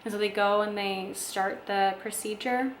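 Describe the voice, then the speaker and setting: A woman's voice: medium pitch, fairly even intonation, moderate pace, reverberant, a little hiss or hum, poor audio. A young woman casually telling a personal story, chatty, with lots of fillers and acted-out quotes. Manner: chatty, many fillers, acts out quoted voices. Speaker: vlogger telling her birth story.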